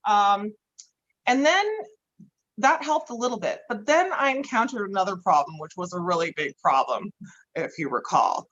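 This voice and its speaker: A woman's voice: medium pitch, lively intonation, moderate pace, a bit bright. Casual woman podcast guest, chatty, laughs often, swears freely, dull lo-fi audio. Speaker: guest grower.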